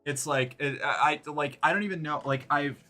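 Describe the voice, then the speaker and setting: A man's voice: on the high side, moderate pace, pushed and bright, soft background music. A man streaming live, rambling sarcastically and swearing freely while chatting with his viewers. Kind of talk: casual livestream chat.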